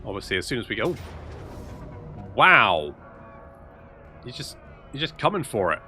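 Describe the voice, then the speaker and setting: A man's voice: medium pitch, sing-song, racing, sharp tone, faint music behind. A man commentating his own strategy game play, thinking aloud and muttering asides as he goes. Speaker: gameplay commentator.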